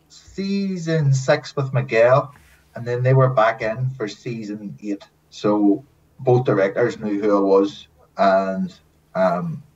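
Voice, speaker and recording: A man guest telling casual stories in a lively way, swearing often and acting out what others said. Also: mid-range voice. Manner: lively storyteller, swears often, acts out quotes. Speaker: guest, former TV extra. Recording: distant mic, dull lo-fi sound, faint hiss.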